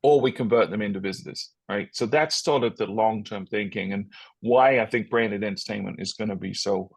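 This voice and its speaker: Low-voiced male podcast co-host. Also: brisk, vocal fry, slightly rough, no echo. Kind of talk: casual podcast chat.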